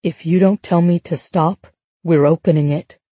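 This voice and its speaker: A wounded husband pleads with his wife, his words slow and strained, as a woman narrator puts him on. The tone is husky and mellow, recorded dry and close for an audiobook. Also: lowish voice, fairly even intonation, no echo. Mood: bitter.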